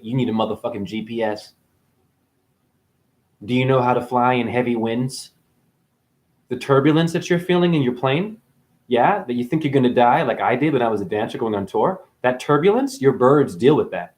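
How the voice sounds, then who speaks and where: A man's voice: medium pitch, moderate pace, darkish tone. A man delivering a profane, preachy spiritual rant straight at his viewers, swearing freely as he lectures them. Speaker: vlogger.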